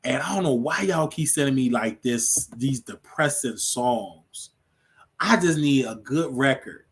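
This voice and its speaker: A man's voice: mid-range voice, expressive, a little slow, slightly rough. A man hosting his own show, chatting casually and rambling on a livestream, laughing often. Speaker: show host.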